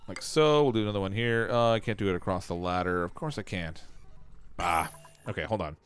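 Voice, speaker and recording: A man's voice: low voice, fairly even intonation, brisk, clean tone, faint music behind. Canadian man thinking aloud while streaming. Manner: self-mocking, thinks aloud while building. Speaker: game streamer. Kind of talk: casual livestream commentary.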